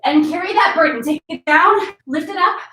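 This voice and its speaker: High-voiced woman leading a workout. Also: normal speed, bright, forceful tone. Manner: upbeat, counting out moves. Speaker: fitness instructor. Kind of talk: workout class told as a story. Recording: roomy, from mic distance.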